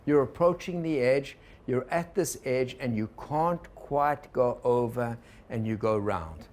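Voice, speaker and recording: A man teaching a workshop to a live group, relaxed and digressive, often turning to the audience with questions. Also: medium pitch, unhurried. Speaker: organizational consultant teaching a workshop.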